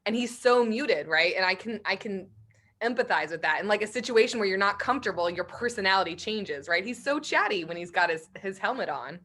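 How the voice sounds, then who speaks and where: A woman's voice: medium pitch, expressive, brisk, bright, forceful tone. A woman co-hosting a show, chatting casually, laughing often and checking in with "right?". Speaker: podcast co-host. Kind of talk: casual chat.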